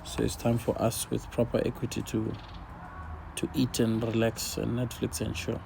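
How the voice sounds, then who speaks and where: A man's voice: mid-range voice, completely flat delivery, moderate pace, vocal fry, noisy background. A laid-back man casually commenting on his forex trades while sharing his screen, talking half to himself as he watches the charts.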